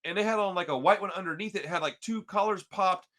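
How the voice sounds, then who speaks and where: A man from Texas spins a story in casual podcast chat with a fairly high, forceful and bright voice. He is slangy and animated, and he leans on dude and bro at almost every turn. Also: quick pace. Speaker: podcast co-host.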